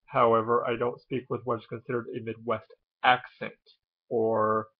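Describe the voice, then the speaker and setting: A man's voice: mid-range voice, little pitch movement, normal speed, breathy edge. Hesitant Midland-accented man, tinny audio. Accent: General American (Midland). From Illinois, US. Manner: hesitant, many "um" and "uh" fillers. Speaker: vlogger. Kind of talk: casual explainer.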